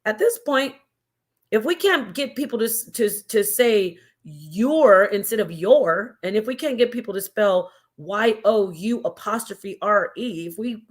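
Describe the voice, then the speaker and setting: A woman's voice: mid-range voice, a bit bright. A woman hosting a casual live stream, chatty and digressive, talking to her viewers like family. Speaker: livestream host.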